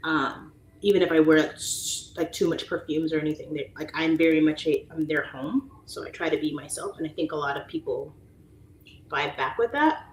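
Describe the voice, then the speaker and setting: Her voice sits low and moves at normal speed as this late-thirties woman hosts a livestream. She chats easily, reads out viewers' comments, and laughs frequently, recorded in an echoey room with a little background noise.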